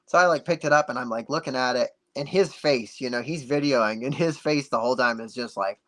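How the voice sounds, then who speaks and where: A man guest on a podcast, telling a story in a casual, animated way and acting out the dialogue. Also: medium pitch, a little fast. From United States. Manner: animated, acts out dialogue with many "like"s.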